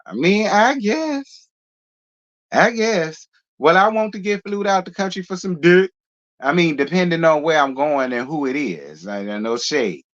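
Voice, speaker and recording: Man host, slightly high voice, sassy gossip commentary, dull lo-fi sound. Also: animated, a little slow, fairly bright tone. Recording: dull lo-fi audio.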